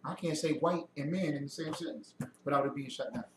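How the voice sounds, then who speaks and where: A man's voice: a little high, steady tone, fairly quick. A man giving a heated lecture to a group, preachy and mocking, firing off rhetorical questions. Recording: echoey room, mic far off, faint noise.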